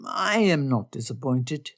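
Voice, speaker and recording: A woman reading an audiobook, voicing a wry, formal young gentleman in a measured, understated way. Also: rumbling low, lively intonation, pitched below the performer's own voice, heavily acted. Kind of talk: audiobook character voice.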